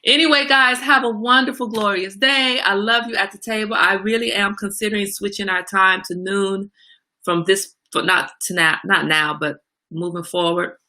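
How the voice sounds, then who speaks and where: A woman hosting a casual livestream, answering viewer comments by name in an animated way. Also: moderate pace. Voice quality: gravelly low voice. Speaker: livestream host.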